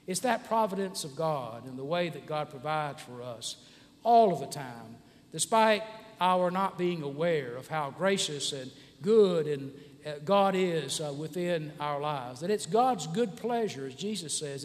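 High-voiced pastor in a reverberant church. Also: male voice, normal speed. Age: 60s. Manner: conversational, frequent "uh" fillers and restarts. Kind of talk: sermon. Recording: church hall with long reverb.

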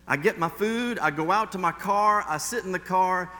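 A male pastor delivers his sermon in a bright, fairly high voice. He moves between slow, weighty phrases and quick, chatty asides as he tells a story from his own life. His words ring out with a long church-hall reverb. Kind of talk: sermon with personal anecdote.

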